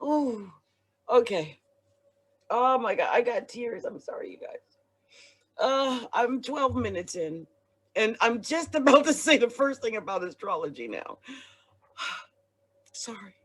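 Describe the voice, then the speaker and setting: A woman's voice: fairly high pitch, animated, unhurried, pauses often. A woman astrologer hosting her own channel, talking casually and rambling, often breaking off mid-thought. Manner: rambling, self-interrupting. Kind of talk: casual vlog talk. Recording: clear music under the voice.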